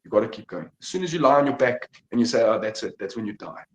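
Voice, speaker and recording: A young man talks in a middle-pitched voice that sits in an echoing room. He speaks emphatically, swears freely and pushes his points hard, like a fighter giving advice as a podcast guest. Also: animated, fast talker. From South Africa. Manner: emphatic, profane motivational talk. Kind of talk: casual podcast interview. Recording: echoey room.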